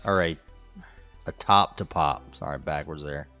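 A man's voice: a bass voice, measured pace, sharp tone, soft background music. A middle-aged man co-hosting a podcast, telling rambling stories with a chuckle in casual chat. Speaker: podcast co-host.

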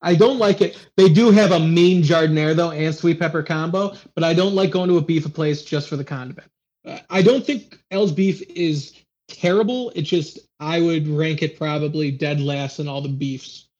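A young man chats on a podcast, blunt and animated, with a slightly high voice. He swears freely. The recording sounds muffled and lo-fi. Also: normal speed. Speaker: podcast co-host. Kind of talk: casual chat.

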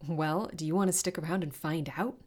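A brash teenage boy from a storybook, as a woman reader puts him on. She keeps her own lowish voice and makes him loud and urgent. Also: a little fast.

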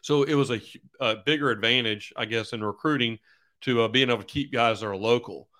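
A man's voice: mid-range voice, brisk, pushed and bright. A middle-aged man, a football coach, chatting easygoingly as a podcast guest and acting out quotes in his stories. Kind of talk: casual interview chat.

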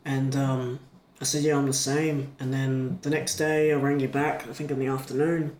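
A man's voice: mid-range voice, moderate pace, a little hiss or hum. Man, echoey room storytelling. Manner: animated retelling, frequent restarts. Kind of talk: casual storytelling chat.

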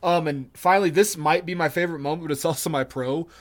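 A man's voice: a little high, quick pace. A man co-hosting a podcast in casual chat, stammering through restarts, laughing often and joking crudely. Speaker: podcast co-host.

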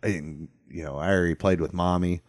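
A man's voice: low-pitched, fairly even intonation, a little fast, a little mellow. A man co-hosting a casual movie podcast, joking crudely and laughing often. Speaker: podcast co-host.

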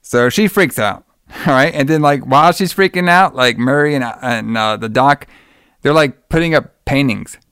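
Rambling man recapping a film, smooth and dry. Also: mid-range voice, moderate pace, fairly bright tone, no echo. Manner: rambling, lots of fillers, acts out quotes in a raised voice. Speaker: podcast host recapping a movie. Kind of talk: casual chat.

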